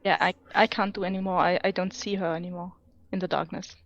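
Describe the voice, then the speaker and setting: A woman playing in a tabletop role-playing game, halting and thinking aloud as she describes her moves. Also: fairly low pitch, fairly even intonation, dull audio. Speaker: player.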